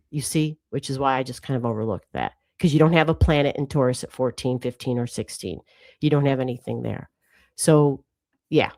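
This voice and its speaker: A woman hosting a livestream astrology reading, rambling casually and correcting herself as she talks to viewers. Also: low-pitched.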